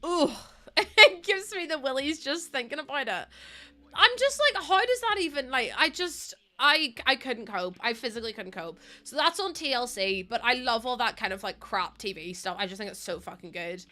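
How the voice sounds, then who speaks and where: A woman's voice: fairly high pitch, lively intonation, normal speed, bright, forceful tone. A young woman streaming a game, chatting casually while laughing often and swearing freely. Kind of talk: casual chat while gaming.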